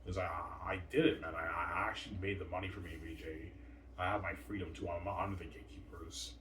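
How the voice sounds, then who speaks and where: A male vlogger delivers a long, rambling monologue, repeatedly tacking "man" onto his sentences and trailing off with it. His voice is low-pitched yet fairly bright, steady in tone and quick in pace. The recording sounds roomy and distant from the mic, with faint noise.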